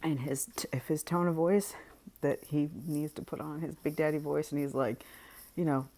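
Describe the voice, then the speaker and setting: Talking casually straight to her viewers, this female vlogger has an unusually low, deep voice and a dark tone. She's open and takes her time, laughing a lot and letting thoughts trail away, with fairly even intonation.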